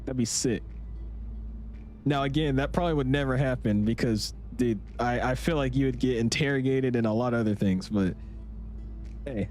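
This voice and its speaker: Excitable young man streaming a flight sim. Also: medium pitch. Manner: excitable, rambling, slangy with lots of "dude" and "like". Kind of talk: casual livestream chat.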